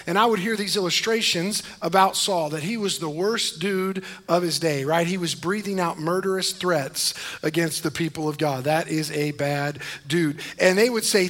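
High-voiced joking male pastor preaching. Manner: joking asides, rising to loud emphatic preaching. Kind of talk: sermon.

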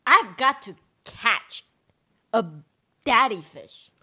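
A woman's voice: fairly high pitch, lively intonation, slow, pushed and bright, husky, exaggerated voice. A woman voicing a determined little girl in a storybook reading.

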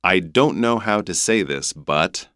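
Deep-voiced Canadian man, smooth and gentle. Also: lively intonation, measured pace, dry recording, clean studio sound. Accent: Canadian English. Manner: polite, gentle, explanatory. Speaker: guest English teacher. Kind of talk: podcast lesson chat.

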